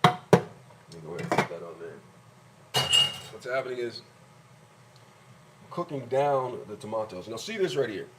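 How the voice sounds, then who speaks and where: A man's voice: lowish voice, big pitch swings, moderate pace, long pauses, very noisy. Man chatting through a messy kitchen demo. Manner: chatty, narrates each step as he works. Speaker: home cooking vlogger. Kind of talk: casual cooking demonstration. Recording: loud kitchen clatter behind. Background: dishes, pots and cutlery clattering.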